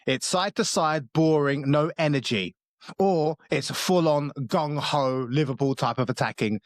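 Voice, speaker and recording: Man, fairly high voice, blunt sweary football podcast co-host, dry studio sound. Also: a little slow, no echo. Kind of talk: casual football podcast chat.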